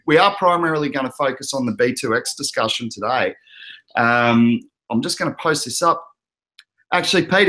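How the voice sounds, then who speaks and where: A man's voice: mid-range voice, sharp tone. An Australian man hosting an online show in easygoing, rambling casual chat, with frequent fillers and restarts. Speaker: host.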